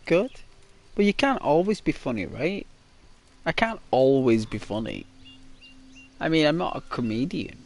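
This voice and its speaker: A man's voice: on the high side, sing-song, measured pace, creaky, long pauses. A man with a Liverpool accent, a YouTuber chatting casually and rambling to viewers while he plays a game. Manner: rambling, chatty, keeps tagging on "right?" and "you know". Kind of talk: casual gaming livestream chat.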